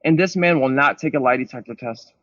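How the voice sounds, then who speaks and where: A man's voice: medium pitch, fairly quick, fairly bright tone, dry recording, lo-fi sound. A man guest on a podcast, telling his story in a blunt, emphatic way with plenty of swearing. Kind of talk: candid storytelling interview.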